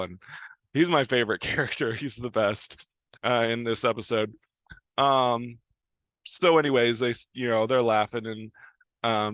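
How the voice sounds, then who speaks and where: American man, lowish voice, rambling recap, dry close recording. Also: fairly bright tone, no room sound. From United States. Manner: rambling, many fillers and restarts, chuckles often. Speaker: video host. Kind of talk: casual episode recap.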